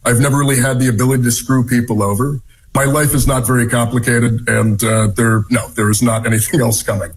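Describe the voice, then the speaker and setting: Candidate clip: man, mid-pitched, calm and measured, interview answers. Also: rough recording. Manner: plain, measured denials. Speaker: political candidate.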